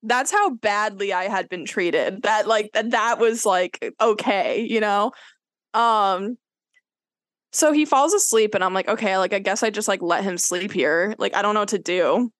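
A woman's voice: mid-range voice, unhurried, dry recording. A young woman co-hosting a podcast, telling a dating story in casual chat, with lots of "like" and acted-out quotes. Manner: animated storyteller, fills with "like", acts out quotes. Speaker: podcast co-host.

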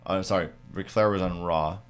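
A man with a very low voice trades jokes with friends on a podcast. He rambles, restarts his sentences and keeps the talk light. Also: fairly even intonation, fairly quick, clear, resonant tone. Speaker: podcast co-host. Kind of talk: casual chat.

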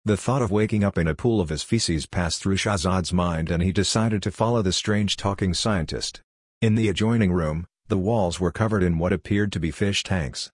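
Deep, husky male story narrator. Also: no room sound, studio quality. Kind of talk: scripted narration.

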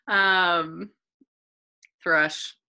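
A woman co-hosting a podcast in casual chat, reacting in a squeamish and expressive way with long, drawn-out reactions. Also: on the low side. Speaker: podcast co-host.

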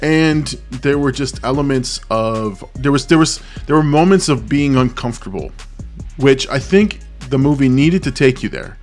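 A man in a casual vlog talks through his thoughts on a movie. His voice sits at an ordinary middle pitch, and he speaks earnestly, searching for words and circling back as he goes. Faint music plays softly behind him. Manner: earnest and open about his feelings. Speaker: movie reaction channel host. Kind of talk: casual spoken movie review.

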